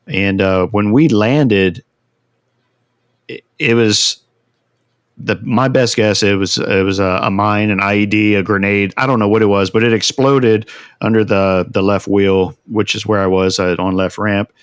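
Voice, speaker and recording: A man, a veteran guest on a podcast, telling a long story in a casual, animated way and acting out the quotes. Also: fairly low pitch, unhurried, clear, resonant tone, dry recording, clean studio sound. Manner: animated, acts out shouted quotes.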